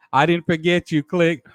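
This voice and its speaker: Male stream host, playful and chatty, fairly high voice, dry webcam sound. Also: fairly even intonation, takes it slowly, no echo. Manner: playful, laughs often, says y'all a lot. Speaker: talk show host. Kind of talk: live stream chat with shout-outs.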